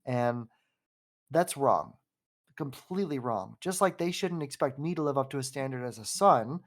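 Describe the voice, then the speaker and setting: A man in his twenties, hosting a casual podcast conversation. He rambles openly and warmly through a personal story, circling back and restarting his sentences as he goes. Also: mid-range voice, animated, moderate pace. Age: 20s. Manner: rambling and heartfelt, with frequent fillers and restarts. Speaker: podcast host.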